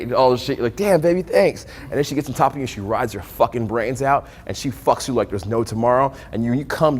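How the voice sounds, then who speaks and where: Profane, animated male dating coach. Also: mid-range voice, in a large hall. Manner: profane, animated, acts out both sides of conversations. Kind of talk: casual storytelling talk.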